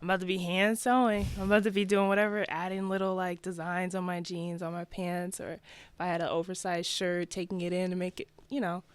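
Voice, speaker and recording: A young woman from New Jersey, a fashion designer guest, chatting in a relaxed, laid-back way. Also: fairly low pitch, fairly quick, clean tone, dry recording. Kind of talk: casual interview.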